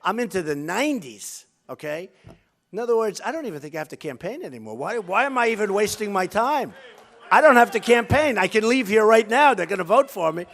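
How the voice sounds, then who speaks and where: A man's voice: high voice, sing-song, fairly quick, fairly bright tone. A man running for office, giving a rambling, boastful, repetitive campaign speech from a rally stage. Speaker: political candidate.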